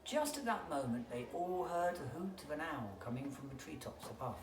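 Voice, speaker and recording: A bedtime story read aloud by a school reader, with a lively voice that rises and falls expressively. It is recorded from a distance in an echoey room with noticeable background noise. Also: medium pitch, normal speed. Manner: expressive storytelling, hushed and animated in turns.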